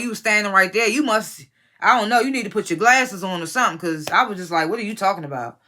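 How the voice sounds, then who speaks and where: A woman with a bright, forceful voice and a mid-range pitch runs through a reality-show episode in casual commentary. She is blunt, swears freely and talks straight at the cast members she is criticizing. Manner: blunt, profane, opinionated. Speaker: reality TV reviewer.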